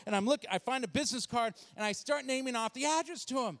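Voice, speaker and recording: A male pastor telling a funny story in a sermon, excitable and animated. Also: extremely high pitch, fast talker, few pauses, long reverb tail.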